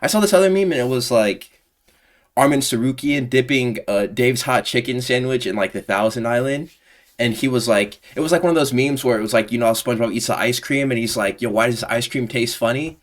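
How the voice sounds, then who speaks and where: A man's voice: mid-range voice, a little fast. A man giving casual, profane, exasperated commentary on a combat sports fan community, full of slang. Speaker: MMA commentary YouTuber.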